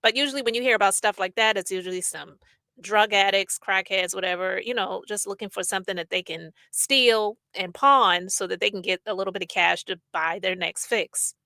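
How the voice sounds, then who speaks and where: Bright, opinionated woman podcaster. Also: mid-range voice, fairly quick, vocal fry, dry recording. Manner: chatty, opinionated, reads news aloud and riffs. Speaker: podcast host. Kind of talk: casual commentary podcast.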